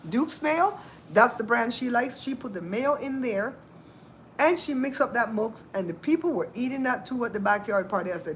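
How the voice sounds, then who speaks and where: A woman's voice: on the high side, normal speed, slight background noise, poor audio. A woman hosting a cooking channel, talking in a casual, sassy, chatty way. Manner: animated, chatty, sassy asides. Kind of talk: casual chat.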